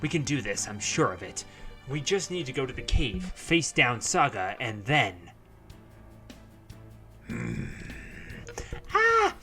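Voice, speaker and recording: A man's voice: medium pitch, animated, normal speed, bright, forceful tone, faint music behind. A young man reading a visual novel aloud as narration, with casual asides and fillers between passages. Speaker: visual novel let's-player.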